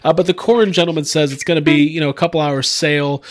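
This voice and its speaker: Man, slightly high voice, rambling casual podcast talk, lots of fillers. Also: fairly even intonation, fast talker. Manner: rambling, laughs often, many fillers. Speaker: podcast co-host. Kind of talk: casual group chat.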